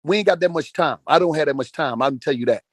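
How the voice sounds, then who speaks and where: A man's voice: on the high side, fast, a bit bright, dry recording, clean studio sound. A man, giving a profane motivational rant on a phone in an online audio chat room and repeating phrases for emphasis. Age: 40s.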